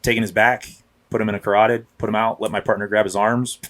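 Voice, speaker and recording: On a laid-back podcast, a police officer in his thirties drifts from story to story, restarting and voicing quotes dramatically. His pitch is on the low side and level, his tone fairly bright, and he talks fast.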